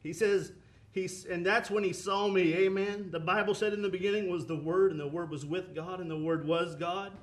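Man, preacher, high voice, sermon, surging and dropping cadence. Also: fairly even intonation, moderate pace. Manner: impassioned, rising and falling preaching cadence.

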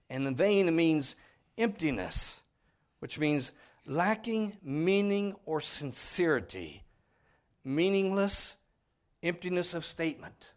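Male preacher, folksy and earnest, fairly high voice, very lively pitch, loud stresses then hushed asides. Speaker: father. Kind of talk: sermon.

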